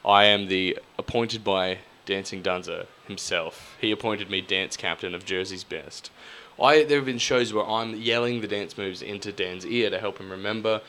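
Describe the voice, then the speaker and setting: A man's voice: fairly low pitch, normal speed, a little hiss or hum. A man, co-hosting a podcast and telling rambling, sweary stories in casual chat. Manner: storytelling, swearing, animated impressions. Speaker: podcast co-host.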